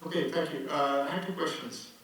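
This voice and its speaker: A man's voice: on the high side, fairly quick, fairly bright tone. A man from Maharashtra, asking a question politely and a bit hesitantly over a video call. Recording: distant, echoey call with faint hiss.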